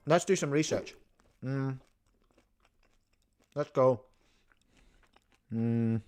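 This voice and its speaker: A New Zealand man hosts a livestream in a casual, rambling, jokey way, interrupting himself and chewing a snack as he talks. His medium-pitched voice is very slow, a little mellow and clean in tone, with soft background music.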